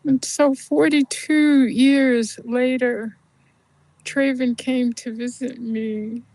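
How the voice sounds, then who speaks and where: Slow, gravelly older woman storyteller. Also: high voice, steady tone, no room sound. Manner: unhurried, gentle, often dropping to a soft near-whisper. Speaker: podcast host. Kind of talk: personal storytelling.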